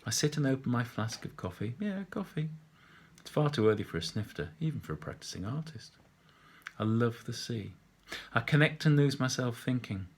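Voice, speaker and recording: A middle-aged man reads his own story aloud, and his husky, slightly breathy voice sits at an ordinary pitch. His narration is dry and wry, delivered in an unhurried way. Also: animated. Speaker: author reading his book.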